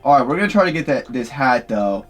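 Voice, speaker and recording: A man's voice: mid-range voice, big pitch swings, fast. A man doing casual live-shopping commentary as a vlogger, talking to his viewers with exasperated, disbelieving exclamations. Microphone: camera-mounted shotgun mic. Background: background music.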